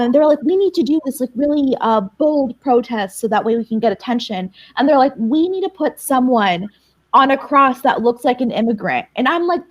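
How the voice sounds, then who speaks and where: A young woman chatting on a livestream, telling stories and acting out what people said. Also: a little high. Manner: animated storyteller, acts out quotes. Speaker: livestream guest. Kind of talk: casual chat, storytelling.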